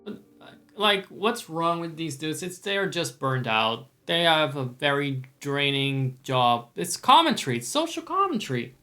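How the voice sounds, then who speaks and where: Male streamer, casual profane commentary, slightly strained throat, bright tone. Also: a little high, very animated, a little slow, hardly any pauses. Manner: profane, joking, laughing asides. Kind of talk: casual let's-play commentary.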